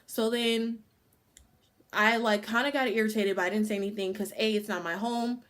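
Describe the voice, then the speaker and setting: A woman in her twenties, a vlogger, tells a casual storytime, cursing freely and dropping "like" constantly. Her voice sits at medium pitch with fairly even intonation, a moderate pace, and a fairly bright tone.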